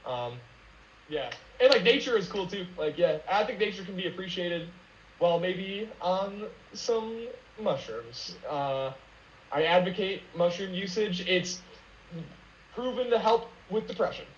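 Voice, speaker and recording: Guy with a high voice rambling and swearing on a podcast, dull lo-fi sound. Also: lively intonation, a little slow. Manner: rambling, many fillers, profane. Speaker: podcast guest, rapper. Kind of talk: casual podcast chat. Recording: roomy lo-fi with faint noise.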